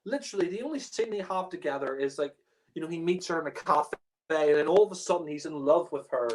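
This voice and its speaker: A man's voice: fairly high pitch, lively intonation, fast, a little hiss or hum. Man, casual review rant, exasperated, swearing, lots of fillers, laughs often.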